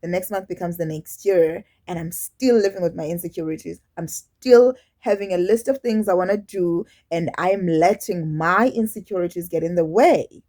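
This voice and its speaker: A woman speaks straight to her camera in a personal vlog, her voice sitting a little low. She talks candidly and haltingly, restarting sentences and slipping into quoted asides as she goes. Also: warm tone. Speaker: YouTube vlogger.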